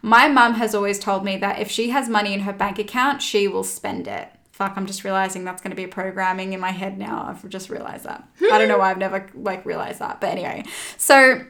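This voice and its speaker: A woman chatting casually as a host, telling her story in a candid, emphatic way and swearing freely. Her pitch sits in an ordinary middle range for a woman. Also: fairly even intonation, a little fast, a bit bright. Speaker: podcast host. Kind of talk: casual chat.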